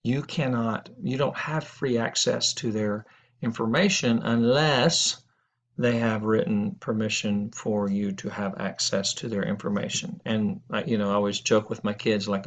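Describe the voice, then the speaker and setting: Gravelly middle-aged man, rambling lecture. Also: lowish voice, steady tone, measured pace. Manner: rambling, anecdotal, self-correcting. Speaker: instructor. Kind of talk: casual lecture video. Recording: dull lo-fi audio.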